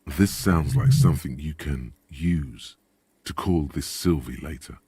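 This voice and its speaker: A deep, gravelly game narrator. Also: male voice, unhurried, mellow, no room sound, full character voice. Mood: solemn.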